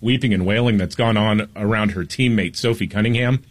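A man's voice: fairly low pitch, brisk. A man hosting a talk show, introducing segments and agreeing readily with his co-host.

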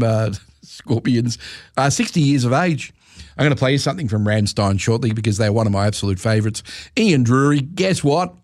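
A man's voice: mid-range voice, darkish tone, no room sound, studio quality. A man hosting a music radio show, rambling and correcting himself with chuckling asides. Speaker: radio presenter. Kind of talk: casual radio chat.

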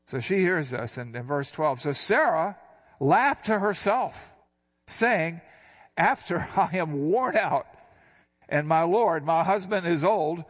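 An older man, a pastor, teaching through a Bible passage, reading verses slowly and explaining them in casual asides. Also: on the high side.

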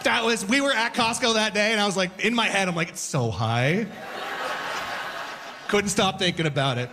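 A man performing a stand-up comedy set, animated and breaking into sudden loud outbursts as he acts out scenes. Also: sits high, fast. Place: comedy club stage before a live audience.

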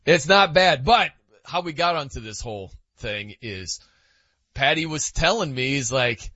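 A man's voice: medium pitch, animated, a little slow, pushed and bright, slightly rough, dry recording, highs cut off. A man hosting a sports talk show, chatty and joking with many fillers.

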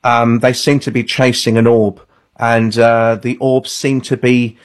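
A man's voice: mid-range voice, little pitch movement, measured pace. Man recounting odd anecdotes. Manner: earnest, anecdotal storyteller. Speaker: author and radio guest. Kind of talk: call-in radio interview.

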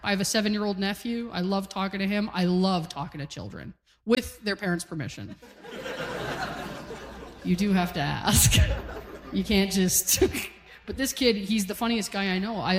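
A woman in her forties from Calgary, doing a self-deprecating stand-up comedy set on stage. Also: mid-range voice. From Calgary, Canada. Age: 40s. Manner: punchy, self-deprecating storytelling. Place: comedy stage with live audience. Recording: live hall with long reverb.

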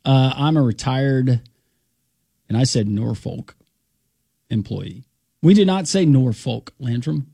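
Gravelly, husky male radio host. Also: medium pitch, lively intonation, a little slow, pauses often, dark tone, dry recording. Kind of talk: casual radio talk show banter.

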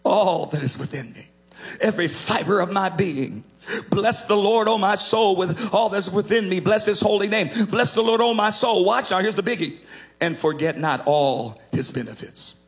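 A man's voice: sits high, normal speed. A man preaching a sermon, emphatic and sometimes lifting his lines into a half-sung cadence.

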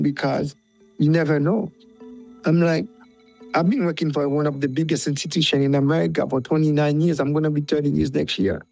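A hoarse man, speaking earnestly and emphatically in an interview. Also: on the high side, darkish tone, low-quality recording. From Haiti. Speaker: interviewee, soccer fan. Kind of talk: interview clip.

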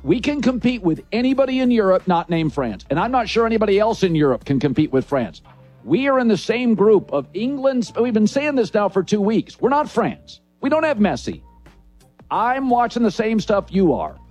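A man's voice: high voice, sing-song, fairly quick, a little mellow, faint music behind. A man hosting a sports talk show, speaking in emphatic, declarative bursts.

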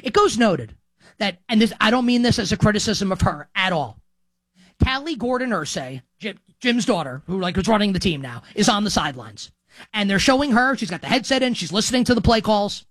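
A man's voice: high-pitched, a bit bright, no room sound. A man hosting a sports talk show, delivering an opinionated commentary monologue with heavy use of "like".

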